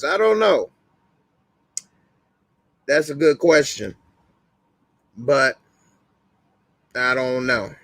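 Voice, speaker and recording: A relaxed man hosts a casual live stream, reading out chat and answering it. He talks at an unhurried, slow pace and laughs easily. His voice is dry and close to the mic. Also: on the high side, dry recording.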